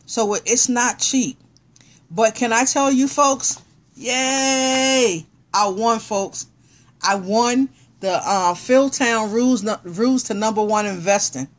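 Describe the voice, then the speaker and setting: A middle-aged woman talking casually to viewers on a live stream, excited and encouraging, thanking people as she tells a personal story. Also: on the high side, unhurried. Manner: excited, animated, preachy encouragement.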